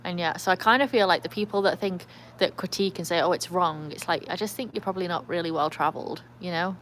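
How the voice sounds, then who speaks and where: A woman's voice: lowish voice, fast, a bit bright, slight background noise. An English woman hosting a casual livestream, chatting in a rambling way and reading viewer comments aloud. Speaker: livestream host with a trick dog. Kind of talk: casual live-stream chat.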